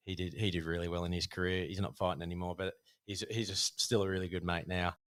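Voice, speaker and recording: A man, a guest telling a casual, animated story about his boxing past with many fillers. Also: low-pitched, quick pace. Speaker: podcast guest, former Thai boxer.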